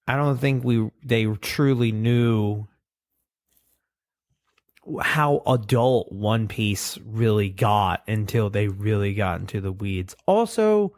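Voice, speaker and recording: A man co-hosting a casual podcast, chatting in a relaxed way and reading out the show's plugs. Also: on the low side, slow, dry recording, clean studio sound. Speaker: podcast co-host. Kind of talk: casual chat.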